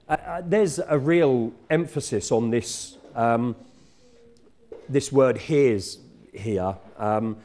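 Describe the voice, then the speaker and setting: A middle-aged man preaches in a relaxed, conversational way, often stopping to restart his sentences. His voice is mellow and dark, sitting at an ordinary pitch for a man. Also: slow. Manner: conversational, self-correcting, warm teaching tone. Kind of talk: sermon. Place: church.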